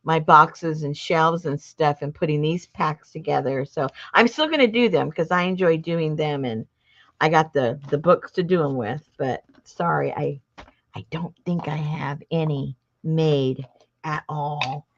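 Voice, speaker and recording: A woman's voice: sits low, measured pace, muffled recording. A woman hosting a casual crafting livestream, chatting in a rambling, self-interrupting way. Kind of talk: casual chat while crafting.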